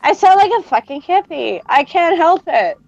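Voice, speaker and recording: Canadian woman from Alberta, high and lively, teasing and giggly, casual video-call chat, dry sound. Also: normal speed, gravelly, no room sound, muffled recording. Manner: laughing often, swearing, teasing.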